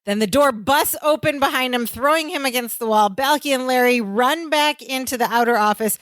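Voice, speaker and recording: A woman's voice: sits high, brisk, dry recording. A woman co-hosting a podcast, giving a casual play-by-play recap of a sitcom episode and acting out the characters' lines. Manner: animated play-by-play retelling with acted-out quotes. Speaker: podcast co-host.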